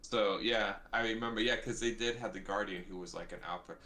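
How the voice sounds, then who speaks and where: A man's voice: on the low side, steady tone, brisk, pushed and bright. A man in casual chat, rambling through recollections like a storyteller.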